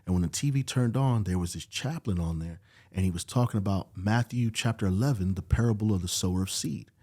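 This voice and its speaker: Man telling a story in a low, dark voice. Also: brisk. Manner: animated storyteller, acts out quoted dialogue. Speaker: podcast guest. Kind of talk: storytelling in casual conversation. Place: podcast studio.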